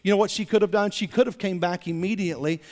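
A man preaches from the pulpit in a high-pitched voice. He stumbles and repeats himself as he builds momentum toward each point. The sound rings out with the long reverb of a church sanctuary. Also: quick pace. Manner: animated, repeats words while building to points, rising loud emphasis. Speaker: pastor. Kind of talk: sermon.

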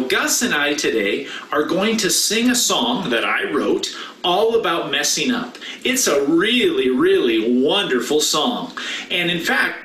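In a church sanctuary, a male pastor gives a children's message full of playful, animated banter. His high, bright voice swoops around, sounding distant and off-mic in the roomy hall, with a bit of hiss or hum underneath.

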